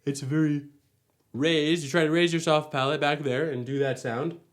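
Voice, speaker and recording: A man's voice: on the high side, steady tone, moderate pace. A man teaching singing technique in a casual, step-by-step way, now and then singing vowels to show the sound. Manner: friendly, explains step by step, breaks into sung vowel demos. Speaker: vocal coach. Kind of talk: casual singing lesson with sung demonstrations.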